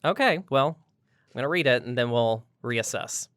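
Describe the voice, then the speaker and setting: A woman's voice: a bass voice, lively intonation, moderate pace. A woman hosting a podcast in casual chat, teasing and quizzing her guest playfully. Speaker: podcast host.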